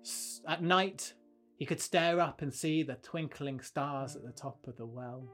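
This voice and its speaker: A man hosting a podcast, telling a fable and then reflecting on it in a gentle, thoughtful way. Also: fairly high pitch, unhurried, faint music behind. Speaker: podcast host. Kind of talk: storytelling and reflective commentary.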